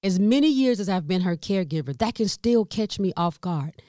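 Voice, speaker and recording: A woman in her fifties from the Southern United States, a podcast host with a Southern American accent, telling caregiving stories in a lively way with asides and laughter. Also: mid-range voice, moderate pace, no room sound, studio quality. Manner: lively storytelling with asides and laughs, addresses listeners as y'all. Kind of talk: candid caregiving talk.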